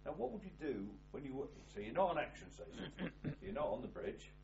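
Male interviewer, lively pitch, probing questions, muffled recording with faint hum. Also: a little fast, vocal fry. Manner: probing, leading questions with hesitant restarts. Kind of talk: oral history interview.

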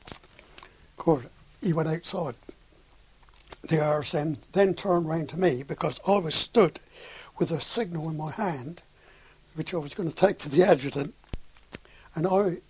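A man's voice: high voice, darkish tone, breathy edge. An older man telling a wartime anecdote in an oral history interview, acting out the dialogue with a chuckle now and then. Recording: dull lo-fi recording.

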